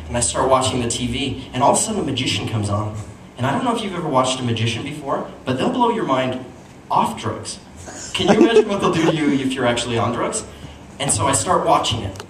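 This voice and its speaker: A young man from Utah performing a stand-up comedy set, telling stories and talking to the crowd. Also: medium pitch. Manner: animated storytelling with audience asides. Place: comedy club stage. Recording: echoey live room, mic at a distance, noisy. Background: audience laughter and room noise.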